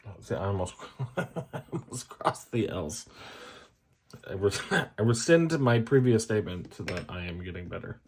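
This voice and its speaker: A fountain pen ink reviewer, a grown man with kids, makes casual conversation with viewers during swatching, cracking self-deprecating jokes and chatty asides. His lowish, expressive voice keeps a moderate pace, with a little hiss or hum in the recording.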